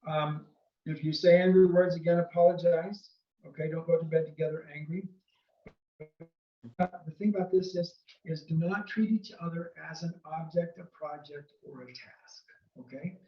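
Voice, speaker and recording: A man's voice: a little high, steady tone, moderate pace, lo-fi sound. Earnest man with an echoey, distant sound. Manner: earnest, repeats "okay?" to check in. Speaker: vlogger giving marriage advice. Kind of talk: casual advice talk. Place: home room near a window.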